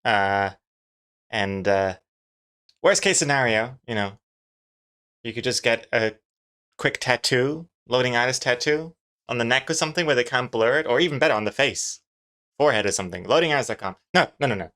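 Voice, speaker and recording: Guy streamer drawing his comic, rambly jokey chat, normal pitch. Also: normal speed, pauses often, bright, forceful tone. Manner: rambling, joking, lots of fillers. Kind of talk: casual live-stream chat.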